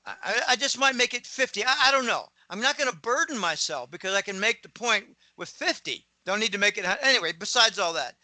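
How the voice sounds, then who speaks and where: A middle-aged man from Pittsburgh with a plain American accent, talking as a guest commentator in a rambling, opinionated way and often clearing his throat. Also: high voice, expressive, a little fast, hardly any pauses, pushed and bright, no room sound, rough recording. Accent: General American, lost his Pittsburgh accent. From Pittsburgh, USA. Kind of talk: casual interview monologue.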